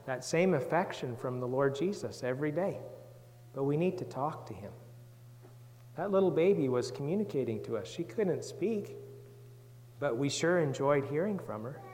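A man giving a gentle Bible talk to children, reading verses and asking them questions. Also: a little high, in a large hall. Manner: gentle, reads scripture aloud, asks the children questions. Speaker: children's Sunday school teacher.

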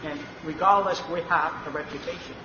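A man's voice: on the high side, steady tone, fairly quick. A man earnestly asking questions in a Bible discussion. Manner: earnest, searching, asks questions. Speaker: participant in a Bible study. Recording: roomy, muffled, noisy room recording.

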